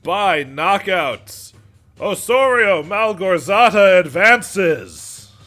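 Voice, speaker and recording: A man voicing a showy male arena announcer who stretches and shouts his words. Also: high-pitched, expressive, faint music behind, pitched above the performer's own voice, heavily acted. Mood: hyping crowd. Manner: drawn-out shouting showman.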